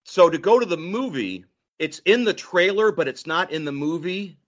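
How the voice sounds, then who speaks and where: A man hosting a podcast in casual chat, animated and quoting scenes in voices. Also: sits high, normal speed. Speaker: podcast host.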